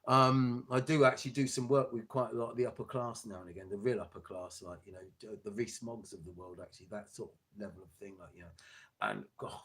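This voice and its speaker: A man, a glass maker, delivering an angry, sweary political rant to his viewers with halting restarts. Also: on the low side, fairly bright tone. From England.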